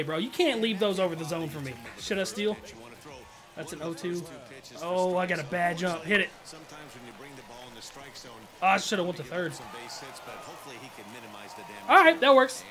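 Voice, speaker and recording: A young man, commenting excitedly on his own video game at-bats, trash-talking and calling everyone "dog" and "bro". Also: sits high, unhurried, pauses often, a crowd in the background. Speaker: gaming channel host.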